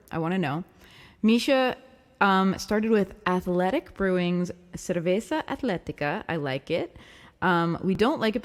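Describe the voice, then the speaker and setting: A woman's voice: on the low side, long reverb tail. Chatty Long Island woman streamer. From Long Island, New York. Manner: chatty, upbeat, laughs often, many ums. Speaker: livestream host and singer-songwriter. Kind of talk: casual livestream chat reading comments.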